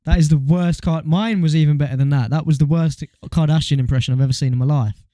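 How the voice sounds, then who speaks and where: A young man, co-hosting a casual podcast chat in quick, slangy banter. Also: on the high side, dark tone, dry recording. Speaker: podcast co-host.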